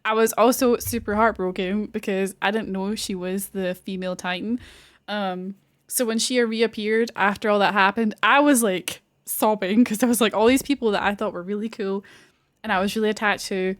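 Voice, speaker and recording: A woman's voice: mid-range voice, steady tone, moderate pace. A young woman streamer chatting casually, gushing and rambling with lots of fillers and the odd swear word. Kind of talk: casual chat.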